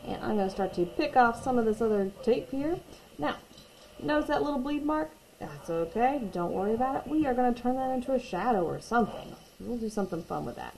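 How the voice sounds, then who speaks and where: Female art instructor, slightly high, gravelly tone, calm reassuring walkthrough, faint background noise. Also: a little fast, rough recording. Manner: patient, reassuring, repeats key points. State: hiccups. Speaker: art teacher. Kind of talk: watercolor painting tutorial.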